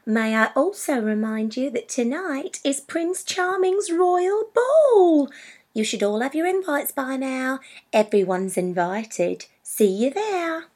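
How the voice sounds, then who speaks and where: A woman plays a bubbly store announcer from a storybook kingdom. Her high, breathy voice bounces up and down in sing-song fashion. Her pace is slow and drawn out. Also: big pitch swings, a little mellow, exaggerated voice. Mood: chirpy. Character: chirpy female store announcer in fairy-tale land.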